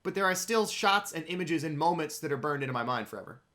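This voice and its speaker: Bright-voiced man on a podcast. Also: a little high, animated, fast. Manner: wry, swears casually. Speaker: podcast co-host. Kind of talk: casual chat.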